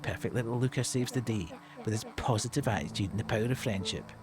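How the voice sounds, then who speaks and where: A Scottish man reading a game aloud and voicing a cursed boy in hiding, with a low, quiet and resentful delivery. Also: fast talker, natural voice. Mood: bitter. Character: bitter cursed boy in hiding, dejected and angry.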